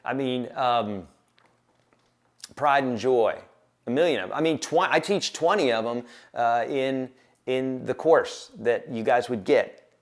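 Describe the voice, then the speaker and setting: A man's voice: mid-range voice, unhurried. A man teaching guitar on a livestream, talking casually and encouragingly and counting beats aloud.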